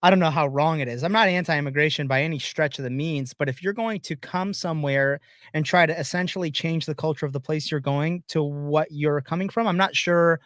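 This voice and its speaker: Podcast dude rambling with lots of ums, a bit high voice, dry mic. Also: male voice, brisk, a bit bright, no room sound. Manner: rambling, hesitant, many fillers. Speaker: podcast co-host. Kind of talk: casual podcast chat.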